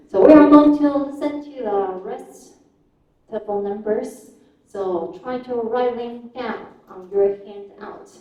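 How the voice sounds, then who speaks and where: A woman with a mellow, soft-edged voice lectures as a university English teacher, explaining phrases patiently and slipping into Mandarin. She is heard from some distance in a strongly echoing classroom. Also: a little high. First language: Mandarin Chinese. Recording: very echoey room, voice far from the mic.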